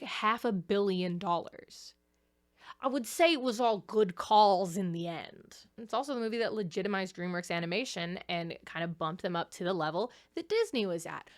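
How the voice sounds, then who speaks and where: A young woman talks through a casual commentary video essay in a chatty, animated way. She laughs often between points. Her voice sits at an ordinary middle pitch.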